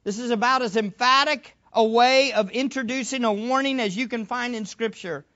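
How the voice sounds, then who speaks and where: An emphatic preacher working through a passage in a sermon, leaning on repeated phrases and rhetorical questions and pushing a bit faster at times. The pitch sits in a middle range, and the recording has a slightly dull, muffled quality. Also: bright, forceful tone.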